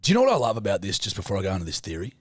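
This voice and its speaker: Aussie bloke cohost, swears, jokes around, voice jumps all over, dry close mic. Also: male voice, lowish voice, wildly swooping pitch, rapid-fire, no echo. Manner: swearing, joking, loud bursts of laughter. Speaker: podcast co-host. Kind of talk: casual banter.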